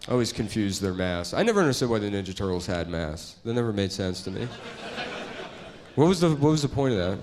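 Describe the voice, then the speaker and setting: A middle-aged man doing stand-up, rambling in a deadpan way and trailing off into mumbles. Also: on the low side, quick pace, slight background noise. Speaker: comedian. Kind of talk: stand-up comedy bit.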